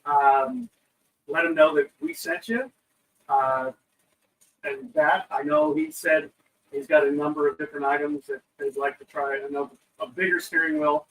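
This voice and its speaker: A man's voice: a little high, lively intonation, moderate pace, fairly bright tone, far from the mic, rough recording. A man co-hosting a live podcast, easygoing and agreeable in casual chat. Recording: off-mic with faint room noise.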